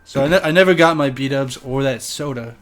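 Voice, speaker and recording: A man's voice: mid-range voice, brisk, soft background music. A young man from the American Midwest chatting casually on a podcast, telling a crude story with a laid-back manner and frequent laughter. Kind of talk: casual chat.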